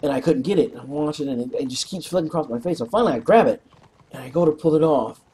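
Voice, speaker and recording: A man casually telling a rambling, animated story, clearing his throat often and swearing freely. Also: a little high, fast, a little hiss or hum. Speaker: co-op gaming channel host.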